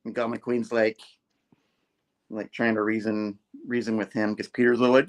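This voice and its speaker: A hoarse man co-hosting a casual comic book review, retelling the plot in an animated way full of "like" asides. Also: fairly low pitch, normal speed. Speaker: co-host.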